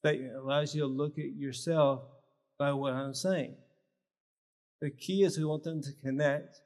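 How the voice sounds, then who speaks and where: His pitch is fairly high and his tone steady and a little mellow, delivered at a moderate pace. He is giving a live workshop talk at a health symposium, using short, emphatic teaching phrases. The large church hall lends the audio a long reverb.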